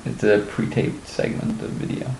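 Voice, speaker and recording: A man's voice: moderate pace, a little mellow, echoey room, slight background noise, rough recording. A man co-hosting a podcast in casual chat, teasing his co-host and telling ranting stories with wry humour. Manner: wry, teasing, storytelling rants.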